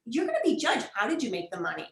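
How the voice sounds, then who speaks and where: Animated New woman, high and roomy. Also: fast talker, creaky, crowd noise. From New York. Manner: animated, acts out quoted voices. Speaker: guest. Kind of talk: casual interview chat.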